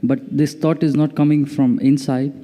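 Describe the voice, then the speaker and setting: A man's voice: a little high, flat delivery, moderate pace, dark tone. A man from the audience hesitantly asking the teacher a question. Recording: distant, reverberant hall.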